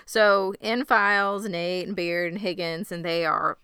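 A woman with a bright, smooth voice recaps scenes as a podcast co-host. The sound is dry and close, and she talks with enthusiasm, often breaking into laughter. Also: medium pitch, moderate pace, hardly any pauses, no room sound. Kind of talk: casual recap chat.

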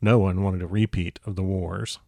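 A man with a fairly low voice reads a story aloud, steady and unhurried. The recording is close and dry, with no room sound. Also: creaky, no room sound. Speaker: podcast host and narrator.

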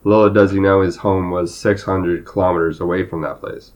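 Male podcast co-host from Canada, low voice, slightly hoarse, loose rambling delivery. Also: steady tone, fairly quick, a little mellow. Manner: rambling, restarts, swears casually. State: losing his voice. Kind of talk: casual chat.

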